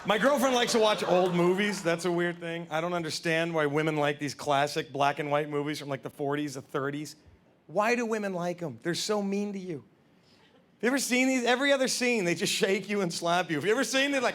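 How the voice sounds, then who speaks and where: A man's voice: high-pitched, a little fast. A man in his thirties doing a stand-up comedy set on stage, acting out scenes in silly voices with audience laughter behind him. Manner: animated, acts out scenes in silly put-on voices. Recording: live stage recording with clear room noise.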